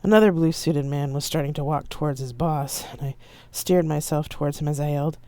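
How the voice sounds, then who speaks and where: A woman author reading her own novel aloud on a live stream in steady storybook narration. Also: low-pitched, brisk, no echo.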